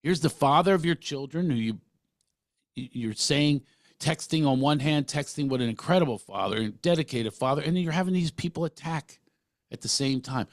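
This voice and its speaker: A man's voice: a little high, normal speed, dry recording, clean studio sound. A middle-aged man hosting a podcast, talking earnestly and emphatically, often restarting his sentences. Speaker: podcast host. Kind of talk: casual interview talk.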